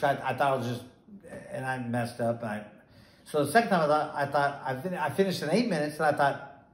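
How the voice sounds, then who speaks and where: A middle-aged man, a former boxer, tells a rambling anecdote and acts out the dialogue. His voice sits a touch high. The room echoes around him. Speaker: former boxer, bail bondsman. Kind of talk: casual storytelling interview.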